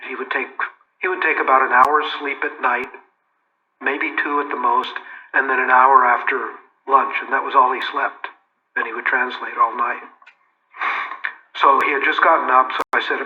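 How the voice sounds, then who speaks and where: An older man recalling memories as an interview guest, in unhurried storytelling with frequent restarts and "you know". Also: mid-range voice, little pitch movement. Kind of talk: relaxed storytelling. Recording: roomy, reverberant, dull-toned recording.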